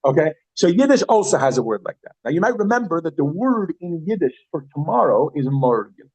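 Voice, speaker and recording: A man teaching a Yiddish class, chatty and lively, who repeats words slowly and asks the class questions. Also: on the high side, poor audio. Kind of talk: classroom lesson.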